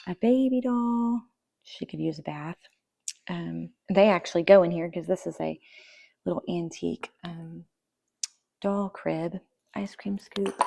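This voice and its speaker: Sorting through her kids' toys, a young vlogger narrates casually in a low, darkish, slightly rough voice with vocal fry. She frequently trails off until she's almost whispering.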